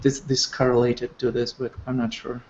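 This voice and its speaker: A man's voice: mid-range voice, monotone, moderate pace, darkish tone, echoey room, a little hiss or hum. A man student in an online English class, giving his opinions in a plain, slightly hesitant way. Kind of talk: class discussion. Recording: dull lo-fi call audio.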